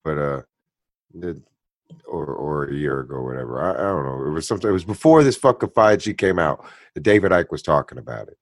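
A man's voice: rumbling low, lively intonation, fairly quick, no echo. Ranting man with a dry close sound. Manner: ranting, profane, rising to loud outbursts. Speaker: co-host reacting to a video. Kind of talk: casual chat.

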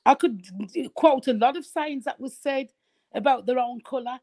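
A woman's voice: high-pitched, normal speed, a little mellow. A middle-aged woman arguing her point in a casual group debate, emphatic and insistent, repeating phrases and apologizing while refusing to back down. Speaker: discussion panelist.

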